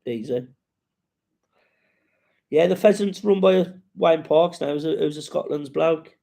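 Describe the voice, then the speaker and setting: Gravelly man chatting on a live stream. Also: on the high side, a little slow, warm tone. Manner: rambling, sweary, reads out viewer comments and greets them. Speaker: comedian hosting a live chat. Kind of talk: casual live-stream chat.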